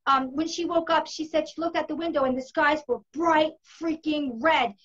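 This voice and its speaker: Lady in her 50s, high bright voice, telling a story all emphatic, kinda dull lo-fi sound. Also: steady tone, moderate pace. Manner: vivid, emphatic retelling. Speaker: host. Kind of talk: casual storytelling in a conversation. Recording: dull lo-fi recording.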